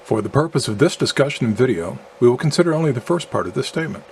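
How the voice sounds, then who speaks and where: A man reading a scripted narration in a measured, argumentative way, with faint noise behind him. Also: mid-range voice, lively intonation, a little mellow. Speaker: video narrator.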